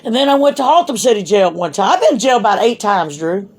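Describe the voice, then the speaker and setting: A woman's voice: mid-range voice, lively intonation, quick pace, a little mellow, breathy edge. A middle-aged woman, a mother telling her grown son blunt stories in casual talk, swearing freely. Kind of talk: casual storytelling.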